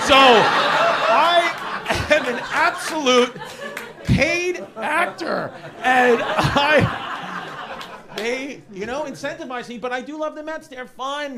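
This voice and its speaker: A man with a New York accent doing a rambling, animated stand-up set in a comedy club, shouting some punchlines. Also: very high voice, slow. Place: comedy club with a laughing audience. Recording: live club recording with audience noise.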